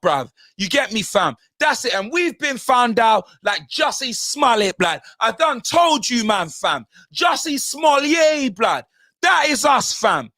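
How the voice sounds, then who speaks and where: A man in a furious, shouting football rant, his voice high and lively. The flies fast and his delivery stays heated throughout. The sound is dry and close. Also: no echo. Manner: ranting, shouting, heavy slang. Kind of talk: angry football fan rant.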